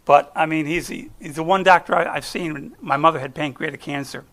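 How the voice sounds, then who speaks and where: Middle-aged american guy guest preaching, kinda high voice, chatty and rambly, lots of restarts. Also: brisk, gravelly, a bit bright. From United States. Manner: chatty and folksy, trailing off and restarting. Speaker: guest speaker. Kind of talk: conversational sermon with personal stories.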